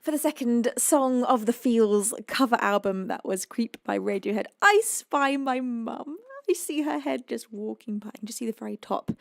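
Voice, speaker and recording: British woman chatting on her music stream, gravelly voice, dry close sound, lots of oh my gods. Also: a little high, no room sound. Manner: chatty, exclaims often, reads chat aloud. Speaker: livestream music host. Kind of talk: casual chat with viewers. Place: home.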